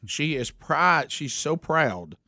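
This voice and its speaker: A man, hosting a talk show and telling a lively family story in casual chat. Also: fairly high pitch, takes it slowly, no echo, clean studio sound. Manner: animated storyteller, voice jumps when quoting his mother. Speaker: radio host.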